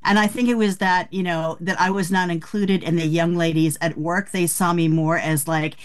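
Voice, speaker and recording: A woman in her sixties, an author being interviewed, telling frank, animated stories about aging. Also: on the low side, normal speed. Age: 60s. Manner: frank, animated storytelling with laughs. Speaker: author guest. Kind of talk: candid interview talk.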